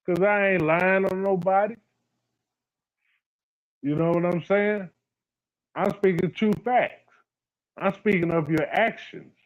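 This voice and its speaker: A man's voice: high-pitched, steady tone, takes it slowly, pauses often, lo-fi sound. A man hosting a casual livestream, talking bluntly, repeating his points and addressing viewers by name. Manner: blunt, repeats himself, talks to chat by name. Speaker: livestream host.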